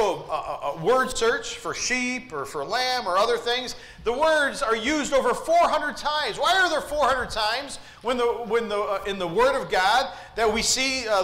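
A male preacher delivers an earnest sermon, often turning to the congregation with questions. His voice sits high and bright. The sound carries the echo of a church sanctuary.

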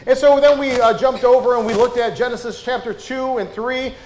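Male pastor, higher register, folksy conversational sermon, roomy church sound. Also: brisk, a little hiss or hum. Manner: folksy, frequent "uh" and "right?" asides. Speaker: preacher. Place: church sanctuary.

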